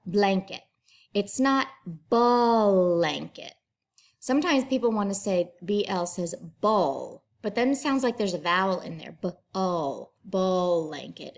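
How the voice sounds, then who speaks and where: A woman teacher, patiently leading young children through a phonics lesson and sounding each blend out clearly. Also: mid-range voice. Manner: slow, clear enunciation with drawn-out sounds; patient, encouraging.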